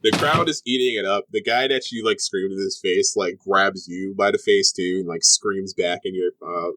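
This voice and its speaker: A young man runs a tabletop game in a casual, rambling way, piling up fillers as he goes. His voice sits low. The sound is dry and close. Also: fairly even intonation, normal speed, sharp tone, no room sound. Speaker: game master.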